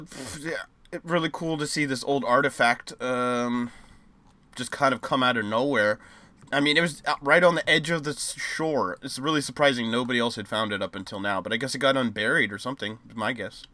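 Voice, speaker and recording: A man's voice: medium pitch, fairly quick, bright, forceful tone. A man co-hosting a casual podcast who reads news items aloud and rambles jokily, with many fillers. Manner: rambling, filler-heavy, jokey. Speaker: podcast co-host.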